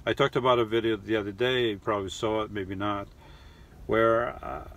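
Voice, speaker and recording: A middle-aged man hosting a casual live chat, rambling and halting with lots of restarts and fillers. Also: lowish voice, level tone, fairly bright tone. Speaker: live stream host reading chat. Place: lives in New York.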